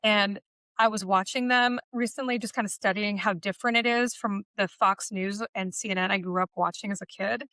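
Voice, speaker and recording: A woman's voice: mid-range voice, fairly even intonation, a little fast, sharp tone, no room sound, clean studio sound. A woman talking as a podcast guest in casual conversation, chatty and telling stories. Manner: chatty, storytelling, quotes people in voices. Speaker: podcast guest, automotive media personality.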